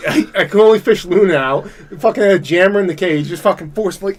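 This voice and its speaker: A man with a fairly high voice tells a long, profane story as a podcast co-host. He rambles and restarts, and he gets loud and laughing as the story heats up. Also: quick pace, crowd noise. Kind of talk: casual chat.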